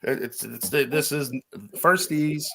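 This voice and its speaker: A man's voice: fairly high pitch, unhurried, vocal fry, a bit bright, slight background noise. A man chatting as a guest on a casual livestream, enthusiastic and rambling, often restarting his sentences. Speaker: guest from a magnet fishing gear maker.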